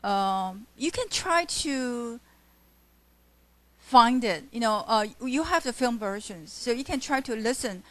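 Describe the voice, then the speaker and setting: Halting woman lecturing. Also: on the high side, expressive, a bit bright, no echo. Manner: halting, full of fillers and self-corrections. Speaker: literature teacher. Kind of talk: classroom lecture. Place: university classroom.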